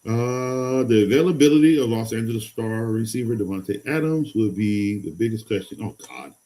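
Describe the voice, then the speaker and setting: A man hosting a live fantasy football stream, excitable and rambling, going from loud hype to low mutters. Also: normal speed. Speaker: fantasy football show host. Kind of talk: casual live-stream talk.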